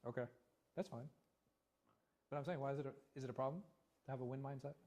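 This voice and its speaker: A man leading a religious class discussion as imam, animated and full of rhetorical questions, often restarting his words. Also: medium pitch, fast talker. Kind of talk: interactive religious class talk. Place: mosque class room.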